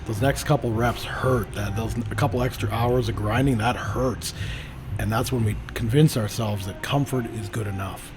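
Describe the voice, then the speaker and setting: A man's voice: lowish voice, moderate pace, music in the background. A man hosting a podcast in casual chat, talking about training with emphatic, profane motivational energy. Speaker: podcast host.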